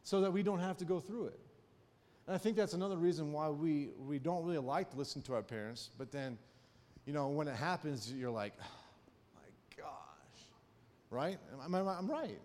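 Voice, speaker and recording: Male preacher, slightly high voice, chatty storytelling sermon with rhetorical asides, long hall echo. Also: fairly quick, a little mellow. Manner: frequent rhetorical check-ins with the listeners; personal storytelling. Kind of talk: conversational sermon.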